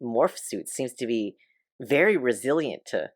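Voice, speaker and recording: A woman's voice: extremely low pitch, lively intonation, unhurried, dry recording, studio quality. A woman running a tabletop game as game master, often laughing as she describes what happens. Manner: giggly, laughs while describing.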